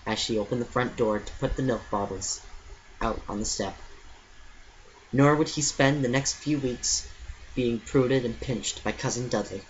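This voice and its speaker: A man giving an earnest, steady amateur storybook reading, stumbling now and then. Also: medium pitch, moderate pace, muffled recording, slight background noise. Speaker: reader.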